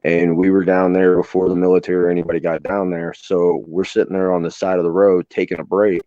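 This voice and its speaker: Man, very low pitch, dark mellow voice, plainspoken, swears, casual storytelling, muffled dry audio. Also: little pitch movement, fast talker, dry recording. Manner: plainspoken, swears freely, acts out quoted voices. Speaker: host, former emergency responder. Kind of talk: casual storytelling on a live stream.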